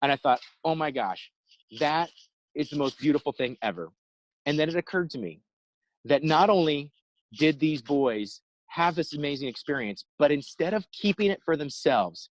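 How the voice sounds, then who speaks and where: Animated man telling a story. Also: fairly high pitch, dry recording, rough recording. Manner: animated, acts out quotes. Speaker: inspirational speaker. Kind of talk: storytelling motivational talk.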